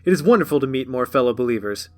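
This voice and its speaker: A man voicing an eager young writer who speaks with boyish excitement. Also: medium pitch, very fast, soft background music, close to an everyday voice. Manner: bright, excited and animated.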